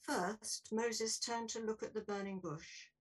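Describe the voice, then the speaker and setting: Woman, preacher, sermon, explanatory, husky voice, distant mic. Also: fairly high pitch, steady tone, slow pace. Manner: clear, explanatory. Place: church.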